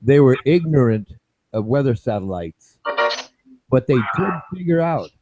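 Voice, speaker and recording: A man's voice: medium pitch, very animated, measured pace, warm tone, no echo, highs cut off, soft background music. A man explaining his view at length in a group chat, lecturing and repeating himself, checking in with "okay?" and "right?".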